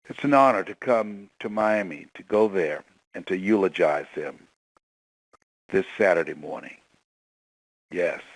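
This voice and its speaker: A man's voice: low voice, a little slow, long pauses, dry recording, rough recording. A man speaking as a motivational storyteller on a call-in line, emotional and acting out quoted voices.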